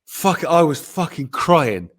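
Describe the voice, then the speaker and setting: A man's voice: fairly high pitch, big pitch swings, a little slow, a bit bright. A man co-hosting a podcast, telling jokey stories in casual banter, often laughing and swearing. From Britain. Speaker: co-host.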